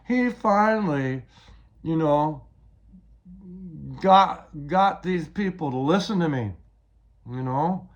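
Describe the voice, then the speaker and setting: A man's voice: fairly high pitch, expressive, slow pace, long pauses, lo-fi sound. An older man giving a rambling, agitated personal account, often repeating words as he retells events.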